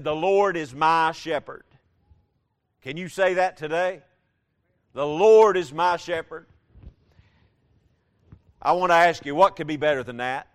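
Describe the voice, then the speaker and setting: A man preaches a sermon with a slightly raised pitch, leaning hard on repeated phrases. He moves between hushed, earnest stretches and loud, emphatic declarations.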